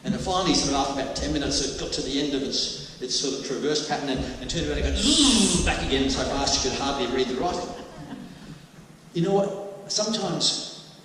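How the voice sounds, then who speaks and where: A man's voice: fairly high pitch, brisk, fairly bright tone, slight background noise. A man preaching a sermon, telling anecdotes with jokey asides and little voices. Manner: anecdotal, jokey, with bursts of mimicry. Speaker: pastor. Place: church hall. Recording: echoey hall, mic from far off.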